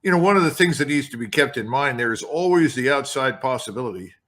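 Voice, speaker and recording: A man's voice: medium pitch, lively intonation, fast, fairly bright tone. An older man, a retired army colonel, speaking bluntly and emphatically as an interview guest. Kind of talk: interview, commentary.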